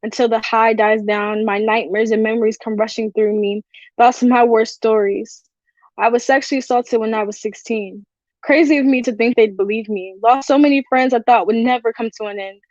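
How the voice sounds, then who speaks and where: A woman performing a spoken word poem at an online open mic, with a steady, confessional delivery. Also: on the high side, moderate pace, no room sound, lo-fi sound. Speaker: poet. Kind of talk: spoken word poetry reading.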